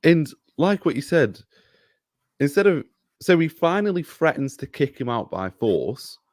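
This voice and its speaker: A man's voice: a little high, sing-song, measured pace, darkish tone, no room sound, studio quality. A man in a casual review chat, critical and exasperated. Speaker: co-host reviewer.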